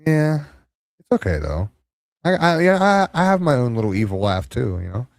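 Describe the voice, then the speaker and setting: A man's voice: mid-range voice, very animated, moderate pace, gravelly, no room sound, studio quality. A man hosting a livestream, chiming in with laid-back, supportive asides. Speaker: livestream host. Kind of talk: casual livestream chat.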